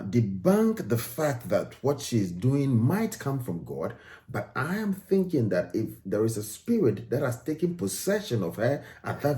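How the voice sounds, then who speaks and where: A man's voice: mid-range voice, mellow. A man from Ghana, giving emphatic commentary on video clips and repeating phrases for stress.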